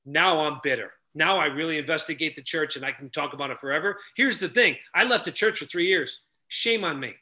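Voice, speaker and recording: Energetic storytelling man, bright high voice. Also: fairly quick, hardly any pauses. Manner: energetic, acts out quoted people. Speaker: podcast guest. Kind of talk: animated storytelling.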